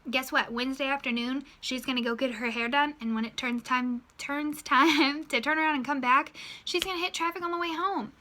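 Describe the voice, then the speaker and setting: A woman in her thirties telling a story in a chatty, animated way, acting out her own inner voice, then coaching her sales team. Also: sits high, brisk. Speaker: direct sales team leader. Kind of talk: motivational storytelling vlog.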